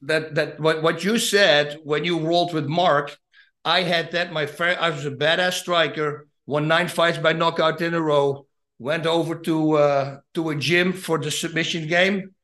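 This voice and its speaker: A middle-aged man with a Dutch accent, a retired fighter telling lively stories as a guest and acting out the voices in them. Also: on the high side, a little slow. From Netherlands. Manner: animated, acts out voices in his anecdotes. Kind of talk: casual storytelling.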